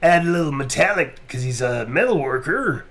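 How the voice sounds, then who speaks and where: A man's voice: on the high side, big pitch swings, moderate pace, a bit bright. An actor voicing a brash male metalworker villain in a transatlantic accent, with a metallic, mocking edge. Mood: taunting.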